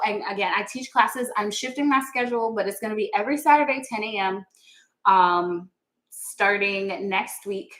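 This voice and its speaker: A woman hosting a casual livestream, talking straight to her viewers in an earnest, chatty way and laughing often. Her voice sits at an ordinary middle pitch, and it bounces around an echoey room picked up by a phone or webcam mic. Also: fairly bright tone. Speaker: yoga teacher and livestream host.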